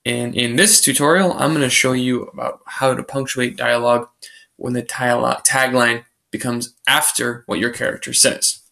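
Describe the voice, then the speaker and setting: A man's voice: medium pitch, fairly even intonation, moderate pace, gravelly, bright, forceful tone. A male teacher recording a screencast tutorial, explaining grammar rules patiently and step by step. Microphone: computer microphone for a screen recording.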